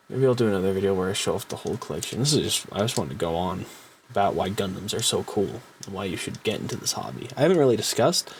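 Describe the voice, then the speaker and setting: A young man rambling in a casual show-and-tell vlog, swearing a lot and getting excited as he talks. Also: fairly low pitch, a little hiss or hum. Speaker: hobby vlogger.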